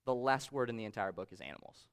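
A man's voice: fairly low pitch, expressive, fast, clear, resonant tone. A man preaching a conversational sermon, reading scripture aloud and explaining it with shifting emphasis. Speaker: pastor.

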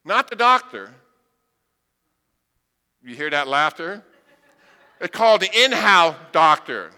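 Blind man preaching, high voice, very bright tone, humorous storyteller, reverberant hall. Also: very animated, slow, clean tone. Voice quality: blind speaker. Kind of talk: sermon with storytelling.

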